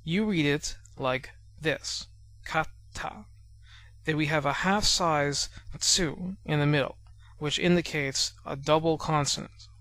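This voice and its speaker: Slow-spelling male language teacher. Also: fairly high pitch, fairly bright tone. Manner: measured and explanatory, spells out sounds slowly. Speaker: language teacher narrating a lesson. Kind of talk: explanatory lesson narration over slides.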